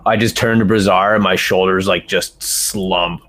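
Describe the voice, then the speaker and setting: A man's voice: low-pitched, steady tone, moderate pace, fairly bright tone. A man playing a tabletop game, speaking in character in a mock-heroic, theatrical way. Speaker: player. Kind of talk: tabletop role-play.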